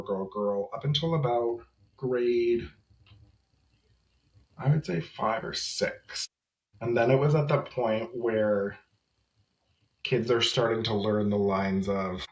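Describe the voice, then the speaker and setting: A man in his thirties shares his personal story as a podcast guest, speaking candidly and reflectively. His voice sits a little on the low side. The recording carries a noticeable roomy echo. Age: 30s. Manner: reflective, candid, with small laughs. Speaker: podcast guest, memoir author.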